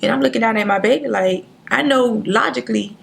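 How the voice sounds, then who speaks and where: A woman, a guest on a talk show, telling a painful personal story in an earnest, halting way, near tears, acting out what others said. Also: fairly high pitch, vocal fry, slightly rough. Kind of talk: emotional personal story in interview.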